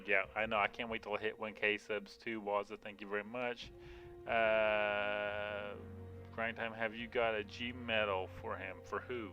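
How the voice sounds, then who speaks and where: A man's voice: lowish voice, flat delivery, a little slow, bright, forceful tone, faint music behind. A man streaming a mobile game from home, chatting casually with viewers, rambling with lots of fillers and yawns. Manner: rambling, frequent yawning and filler words. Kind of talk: casual live-stream chat. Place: home room.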